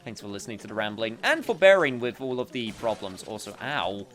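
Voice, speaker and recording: A gameplay commentator with a fairly low, fairly bright, expressive voice talks fairly quickly. He rambles through casual let's-play commentary as he plays, packing in fillers and cutting himself off.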